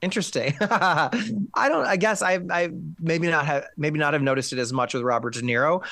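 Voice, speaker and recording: A man talking about films in casual chat, quick and enthusiastic, with many restarts. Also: a little high, sharp tone, no room sound. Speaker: film critic.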